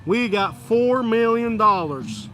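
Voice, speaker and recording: A man putting on the voice of a smarmy male injury lawyer in a mock TV commercial, drawn-out pitchman delivery. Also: animated, pushed and bright, faint music behind, full character voice, rough recording.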